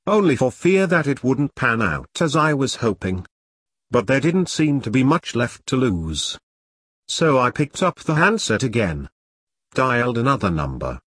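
A man narrating a first-person story as an audiobook reader, telling it in an expressive, storytelling way. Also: mid-range voice, slightly rough, no echo.

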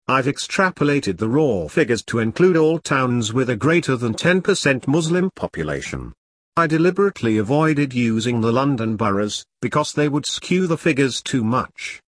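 A man's voice: mid-range voice, dry recording, lightly acted. A man voicing a bitter, blunt middle-aged woman who was once an agent, in an audiobook. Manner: blunt, furious.

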